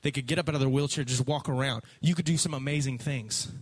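A man preaching a youth sermon in a lively, casual and emphatic way. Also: mid-range voice, quick pace, husky. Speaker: youth pastor.

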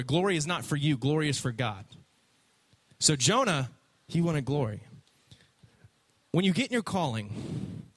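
A man preaching a youth sermon in a lively, casual and emphatic way. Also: medium pitch. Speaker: youth pastor.

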